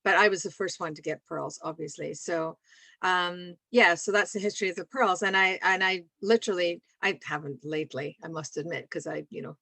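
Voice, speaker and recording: A woman in her sixties from Scotland with a softened Scottish accent, chatting in a rambling way and laughing often over a video call. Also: lowish voice, fairly even intonation, fairly quick, creaky, no room sound. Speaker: guest speaker. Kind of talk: casual chat on a video call.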